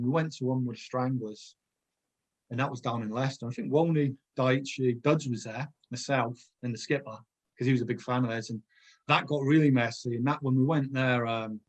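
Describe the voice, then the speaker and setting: A man's voice: mid-range voice, slightly rough. A middle-aged man, a former footballer, chatting as a podcast guest and telling long rambling anecdotes full of restarts. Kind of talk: casual podcast chat.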